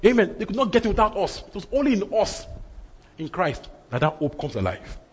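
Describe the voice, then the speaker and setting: A man's voice: high-pitched, sing-song, fairly quick, slightly rough. A man preaching a sermon, emphatic and repeating his phrases for effect. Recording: reverberant hall.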